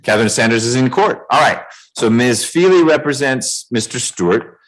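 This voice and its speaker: A man presiding as judge over a remote court calendar hearing, speaking in a measured way with dry jokes, over a video call. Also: medium pitch, expressive, low-quality recording.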